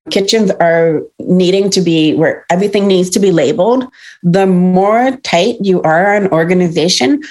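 A woman who is a pediatric audiologist and chef, a podcast guest telling lively stories and acting out quoted dialogue. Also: lowish voice. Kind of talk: podcast interview.

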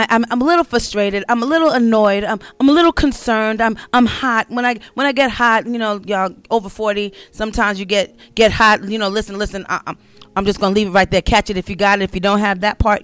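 A woman's voice: a little high, clean tone, dry recording. A middle-aged woman sharing a personal testimony in a casual storytelling monologue, talking conversationally, repeating herself and speaking straight to her listeners.

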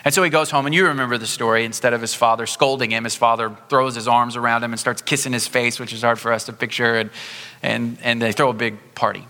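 A man preaching a sermon as pastor, conversational in tone, slowing down to stress key points. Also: mid-range voice, fairly even intonation, sharp tone, long reverb tail. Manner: conversational, slows down for emphasis. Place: church sanctuary.

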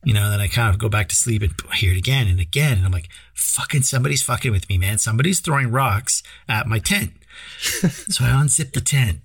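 Husky-voiced man telling a story with laughs. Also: on the low side, fast talker, no room sound. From Lanark County, Ontario, Canada. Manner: laughs often, swears freely, animated storyteller. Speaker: podcast co-host. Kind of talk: casual chat and storytelling.

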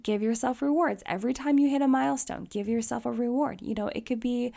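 A woman's voice: on the high side, steady tone, fairly quick, vocal fry, mellow. A woman talking casually and candidly, giving encouraging fitness advice as a vlogger.

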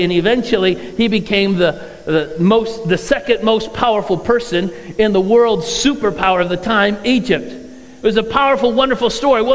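A man preaching a sermon as pastor, talking conversationally and reading scripture aloud in a church. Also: sits high. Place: church sanctuary. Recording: long hall reverb.

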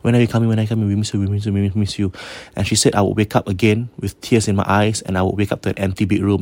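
A man with a Singaporean English accent casually retelling a ghost story, mixing in Malay and often restarting his sentences, going quiet at the eerie parts. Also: on the low side, little pitch movement, very fast, few pauses, no echo. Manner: drops to a hush for eerie parts.

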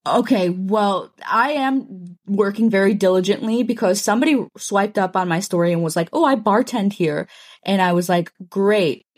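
A woman's voice: medium pitch, normal speed, no echo. A woman co-hosting a podcast, telling a rambling story with dry, self-mocking humor in a casual chat. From Chicago. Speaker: podcast co-host.

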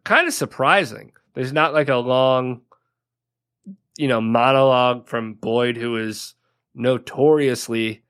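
A man's voice: mid-range voice, slow, a bit bright, clean tone. A man co-hosting a podcast, casually recapping a TV episode with lots of "like" and frequent laughs. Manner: chatty, laughs often, leans on "like" a lot. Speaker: podcast co-host.

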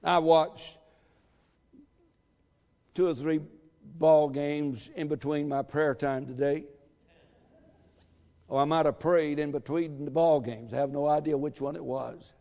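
A man preaching a sermon to his church, emphatic, calling for amens and shouting at the peaks. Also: on the high side, fairly even intonation, slow pace, pauses often. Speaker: pastor. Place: church sanctuary. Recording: long reverb of a church hall.

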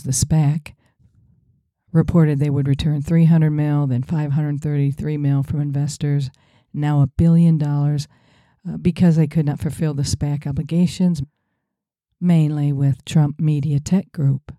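Woman, podcast co-host, sarcastic, mocking, very dark tone, dry recording. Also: low-pitched, little pitch movement, measured pace, no echo. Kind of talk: opinionated podcast chat.

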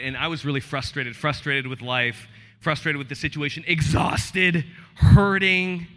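A male pastor in his thirties preaching a sermon in a large church, moving from hushed confession to loud, emotional peaks. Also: mid-range voice. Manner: impassioned, swings from hushed to shouting. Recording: long church hall reverb.

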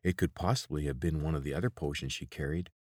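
A man narrating a fantasy audiobook in a steady, measured way. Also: very deep voice, breathy edge, no echo, clean studio sound. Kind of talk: scripted narration.

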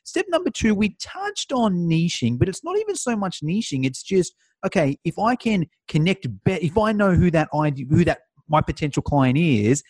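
A man's voice: fairly high pitch, a little mellow, no echo. Upbeat male podcast host. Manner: upbeat, recapping in steps. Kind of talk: podcast conversation, summarizing.

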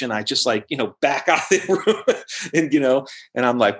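A man's voice: mid-range voice, fairly quick. A man, a rock guitarist, telling a long story in a casual interview, swearing often and acting out what people said. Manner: animated, profane, acts out quotes in raised voice.

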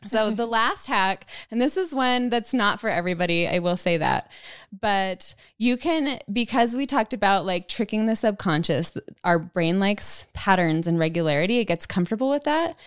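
A woman's voice: medium pitch, expressive, normal speed, clear, resonant tone, no echo, clean studio sound. Friendly woman wellness coach explaining. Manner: friendly, explanatory, laughs easily. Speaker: wellness coach, podcast guest. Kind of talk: casual wellness podcast chat.

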